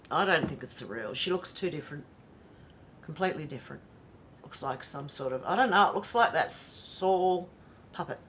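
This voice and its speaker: A woman's voice: lowish voice, fairly bright tone, a little hiss or hum. An Australian woman hosting a casual livestream, reading viewer comments aloud and greeting each by name. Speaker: livestream host reading chat.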